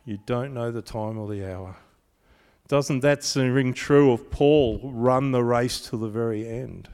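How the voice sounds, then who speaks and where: A man preaches a sermon in a conversational, animated manner, breaking into storytelling as he goes. His voice sits in an ordinary middle pitch. The recording carries the long echo of a large hall. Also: a little slow, smooth. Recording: reverberant hall.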